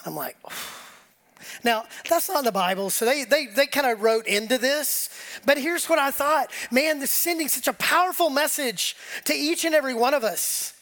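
A man giving a conversational sermon as pastor, animated and casual, acting out quotes as he preaches in a church. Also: very high voice, normal speed. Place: church sanctuary with congregation.

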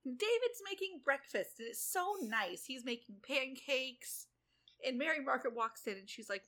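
Bright-voiced woman recapping a show. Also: high voice. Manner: animated recap with quick asides and playful voicing of characters. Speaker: podcast co-host recapping episodes. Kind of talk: casual chat.

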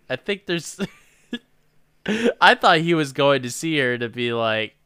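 A man co-hosting a podcast, swapping laughing, profane banter about a movie. His voice is bright and crisp, with lively swings in pitch and an unhurried pace. The sound is dry and close. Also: no echo. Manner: laughing, profane, halting mid-sentence. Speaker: podcast co-host. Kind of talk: casual movie recap banter.

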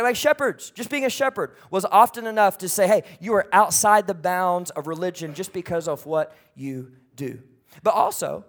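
A man preaching a sermon in a lively, conversational way, acting out quick asides to the congregation. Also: high-pitched. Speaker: pastor.

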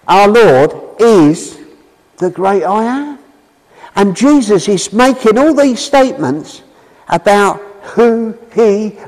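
Lively-voiced man preaching in an echoing hall. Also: high-pitched. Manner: chatty, asks the audience questions. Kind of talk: informal sermon to a congregation. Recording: long reverb in a hall.

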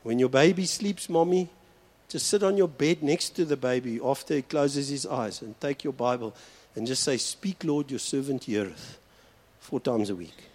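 Man, pastor, earnest sermon, emphatic repetition, mid-pitched voice. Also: a little mellow. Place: church hall.

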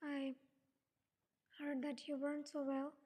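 A woman voicing an estranged middle-aged father who speaks in a soft, hesitant murmur. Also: sits high, level tone, slow. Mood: pleading. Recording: long reverb.

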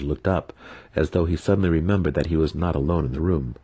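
A man narrating a fantasy novel in a brisk, expressive dramatic audiobook reading. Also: very deep voice, husky, no echo.

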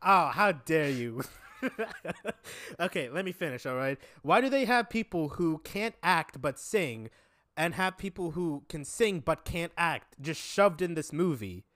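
A man co-hosting a film podcast, insisting on finishing his points in animated casual chat. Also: on the high side, measured pace, no room sound, clean studio sound. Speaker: podcast co-host.

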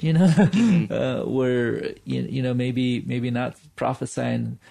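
An earnest pastor talks through personal stories in a relaxed podcast chat, often circling back with fillers and restarts. His voice is very gravelly and husky. He sits at a middling pitch for a man. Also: unhurried, few pauses. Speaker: pastor and church planter. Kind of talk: podcast conversation, storytelling.

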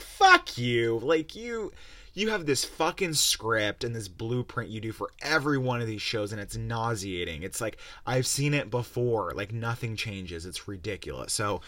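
A young male podcast host with a lowish voice, swearing freely and wandering off on sarcastic tangents. The sound is dry and close, with no room echo. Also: fairly bright tone. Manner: profane, rambling, sarcastic. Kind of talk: casual rant-style review.

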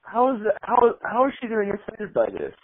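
A man's voice: high voice, wildly swooping pitch, a little fast, slightly rough, no room sound. A man co-hosting a casual podcast who chimes in agreeably and often answers yeah. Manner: agreeable, chiming in with frequent yeahs. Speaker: co-host. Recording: phone-like line.

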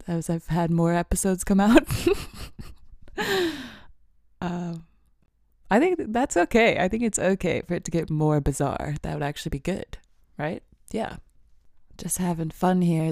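A woman talking alone into a podcast mic in a small room, her voice low and gravelly with a dry, close sound. She rambles and giggles, often sinking into a whisper. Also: warm tone, dry recording. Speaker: podcast host. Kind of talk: casual solo podcast monologue. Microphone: podcast microphone.

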